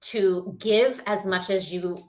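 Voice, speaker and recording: A woman's voice: medium pitch, slow pace, slight background noise. Chatty giggly woman in an echoey room. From Rhode Island. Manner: chatty, giggly, loses her train of thought. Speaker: podcast co-host. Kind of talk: casual chat. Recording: roomy echo.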